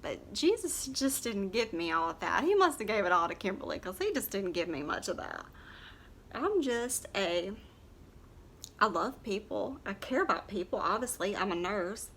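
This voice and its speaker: A woman's voice: medium pitch, sing-song, moderate pace, a bit bright, a little hiss or hum. A woman, chatting in a rambling, blunt way while doing her makeup on camera. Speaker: makeup vlogger and nurse. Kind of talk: casual makeup tutorial chat.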